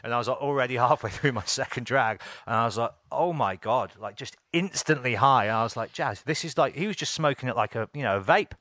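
Bright-voiced English man telling stories. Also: medium pitch, fairly quick, few pauses, dry recording. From England. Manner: animated, laughs often, acts out quotes. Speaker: podcast host and music interviewer. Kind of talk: casual storytelling chat.

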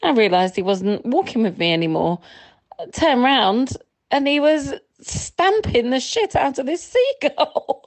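A woman's voice: sits high, sing-song, measured pace. A woman in her thirties calling into a podcast, telling a story chattily and laughing as she goes. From England. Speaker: caller. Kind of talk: voicemail anecdote.

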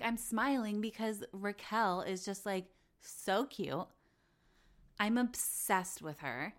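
A woman's voice: mid-range voice, unhurried. A young woman hosting a podcast, chatting casually and gushing about reality shows. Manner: gushing, chatty, acts out quoted voices. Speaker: podcast host.

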